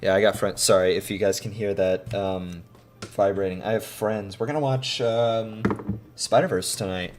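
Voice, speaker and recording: A man streaming himself editing a video, talking to himself in rambling casual chat that breaks into sudden loud outbursts. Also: fairly low pitch, steady tone, moderate pace, slight background noise.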